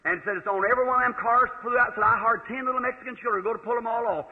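A man preaching a sermon, telling a story in a folksy, animated way. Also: very high-pitched, very fast. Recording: old lo-fi reverberant hall recording.

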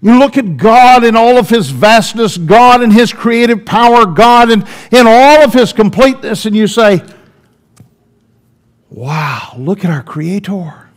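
A man preaching a sermon in church, swinging between loud emphatic lines and hushed, drawn-out ones. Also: very high-pitched, clear, resonant tone.

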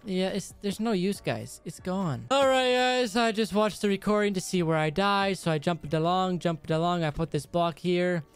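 A man hosting a let's play, talking through his game, swinging from frustrated yelling to quiet muttering. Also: high voice, moderate pace, few pauses, smooth, soft background music. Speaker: gaming channel host. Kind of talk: let's play gameplay commentary. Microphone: headset or desk mic.

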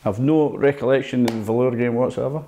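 An older Scottish former footballer telling stories from his career in a relaxed interview, acting out old exchanges and laughing at himself. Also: mid-range voice, quick pace, slight background noise. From Scotland. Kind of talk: casual reminiscing interview.

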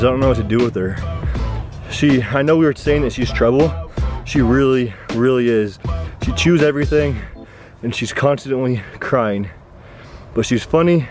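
A vlogger with a darkish tone chats casually and upbeat to his viewers in a home vlog. When he praises his puppy, he switches to a high, sing-song voice.

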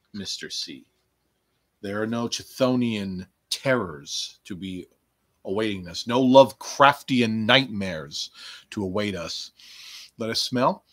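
A man's voice: on the low side, a bit bright, dry recording. A man hosting a casual wrestling review podcast, rambling and joking with frequent swearing and playful outbursts. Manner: rambling, jokey, profane, with playful bursts. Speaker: podcast host.

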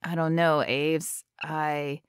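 A woman voicing a young man whose voice is thick and halting with emotion. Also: sits low, clean tone, no echo, clean studio sound, natural voice. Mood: choked up. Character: young grown man, shaken son near tears.

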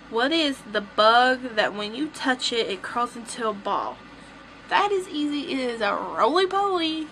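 A woman's voice: high voice, bright, forceful tone, slight background noise, poor audio. A young woman with a Southern US accent, chatting playfully to the camera as a vlogger. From southern United States. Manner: playful, teasing. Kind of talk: casual chat to camera.

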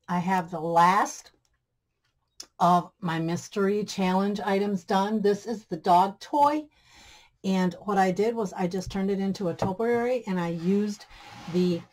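The craft channel host here is a woman from Michigan, USA, with a mid-range voice, heard in a low-quality recording with slight background noise. Leading a DIY tutorial, she chats like she's among friends, keeps saying guys and friends, and enthuses about her projects.

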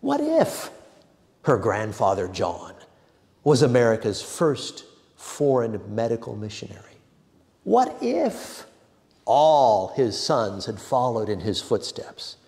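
A man teaching a church adult education class, reading a story with measured, dramatic pauses. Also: mid-range voice, wildly swooping pitch, gravelly, darkish tone, long reverb tail.

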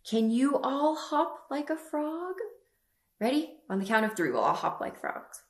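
A woman librarian leading a toddler story time, reading and talking in a slow, sing-song, animated way. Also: high voice, reverberant. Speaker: children's librarian.

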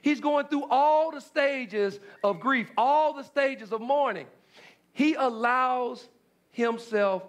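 A man's voice: very high-pitched, slow pace. A man preaching a sermon, repeating phrases with emphasis and stammering restarts as he builds his point. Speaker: pastor.

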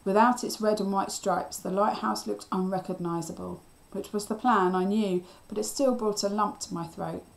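A woman teacher reading a children's novel aloud. Her storytelling is steady and expressive, and her voice sits in a middle pitch. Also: normal speed, gravelly, few pauses, rough recording.

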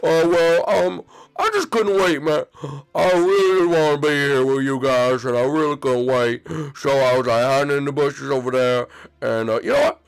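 A man's voice: a little high, fairly even intonation, normal speed, creaky, clear, resonant tone, rough recording. A man voicing a brash, hotheaded male ape in a hobby roleplay, who keeps saying "man". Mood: eager. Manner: brash, says "man" a lot.

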